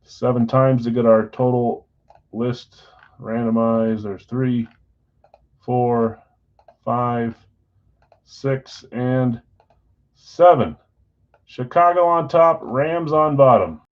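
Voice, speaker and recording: A man hosting a live card break, talking casually and rattling off names and teams in quick runs. His voice sits at an ordinary middle pitch. The stream audio is a little dull and muffled. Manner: chatty, reads out names and teams in quick lists.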